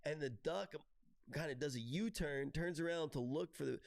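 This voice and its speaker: A man's voice: on the high side, moderate pace, vocal fry, no echo, studio quality. A man telling rambling stories in casual chat on a voice call, laughing often and restarting his sentences. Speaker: streamer's call guest.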